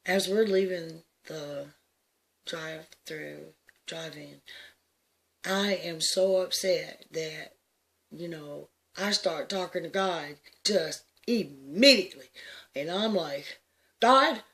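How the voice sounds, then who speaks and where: Her voice deep, slow, and creaky, a woman likely in her sixties shares a personal story. She laughs a lot, and her emphasis lurches from near-whispers to loud bursts.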